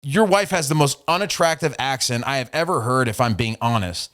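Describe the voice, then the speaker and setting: A man's voice: medium pitch, animated, brisk, fairly bright tone. A man hosting a podcast, ranting profanely and mockingly while reading out an argument from his messages. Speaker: podcast host. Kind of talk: casual podcast rant.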